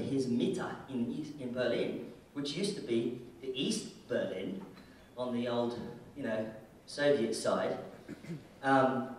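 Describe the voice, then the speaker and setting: This UK keynote speaker keeps his conference talk loose, playful and irreverent, speaking in a mid-range, slightly mellow voice. The large hall echoes, and the microphone sounds distant.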